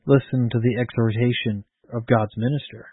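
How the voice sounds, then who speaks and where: A man's voice: medium pitch, fairly even intonation, moderate pace, breathy edge, no room sound, lightly acted. A man reading the lines of a grieving, devout older mother who pleads in old-fashioned, solemn speech. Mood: pleading. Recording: tinny phone-like lo-fi sound.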